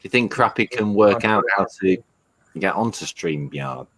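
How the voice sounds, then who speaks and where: A man's voice: on the low side, lively intonation, moderate pace, fairly bright tone, no room sound. A man chatting casually on a stream, laughing often and giving rambling explanations. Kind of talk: casual chat.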